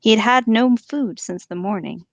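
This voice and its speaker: Reading a novel aloud with commentary on her podcast, a woman with a voice on the high side stays steady and engaged at a normal speed, animated and quick to laugh, with gravelly fry at the edges. The audio is dry, close, and dull, with no room echo.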